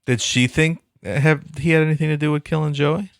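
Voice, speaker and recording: Gravelly man with wry interjections. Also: a little high, steady tone, fairly quick, no echo, clean studio sound. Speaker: podcast co-host. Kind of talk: casual banter.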